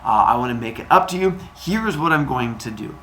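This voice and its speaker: Helios, a man doing a booming sun god. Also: expressive, a bit bright, a little hiss or hum, natural voice. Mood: solemn. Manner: slow, booming and grand. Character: booming slow-speaking sun god father.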